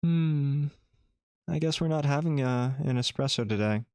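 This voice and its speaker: Male streamer narrating a text adventure with playful asides; gravelly, dry. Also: mid-range voice, normal speed, a little mellow, no echo. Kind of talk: reading a text adventure game aloud.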